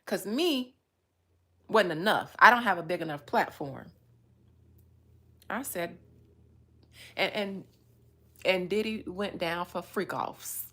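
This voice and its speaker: Animated, cursing woman psychic. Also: fairly low pitch, takes it slowly, pauses often. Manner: profane, animated, laughs often. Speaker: psychic livestreamer. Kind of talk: casual livestream rant.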